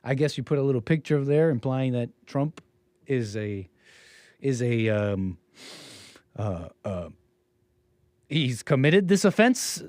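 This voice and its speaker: A man's voice: mid-range voice, lively intonation, unhurried, long pauses, a little mellow, no echo. A man hosting a live stream, commenting on a video in a rambling, sarcastic way with frequent restarts.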